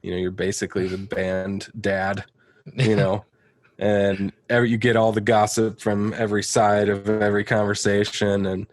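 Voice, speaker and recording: A man in casual podcast conversation, his voice sitting on the low side and recorded close and dry with no room around it. He tells stories at an unhurried pace and laughs easily along the way. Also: monotone, no echo. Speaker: podcast guest, studio engineer. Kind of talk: casual chat.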